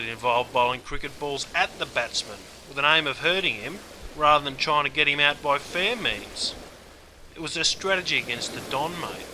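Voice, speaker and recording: Speaking in a mid-range voice over a noisy background, a man with a broad Australian accent explains sporting slang. His blokey, scripted comic style has him calling everyone "mate" constantly as he hosts the lesson.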